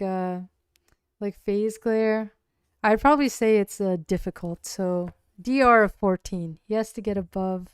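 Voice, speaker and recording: A woman's voice: mid-range voice, smooth, no echo, clean studio sound. A woman streaming a solo tabletop game, narrating casually with many likes and ums. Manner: rambling, full of likes and ums, giggly.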